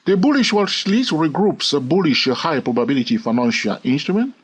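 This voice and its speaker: A man teaching a trading lesson, animated and asking the listener rhetorical questions. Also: on the high side, fairly quick, husky. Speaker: trading educator. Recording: dull lo-fi audio.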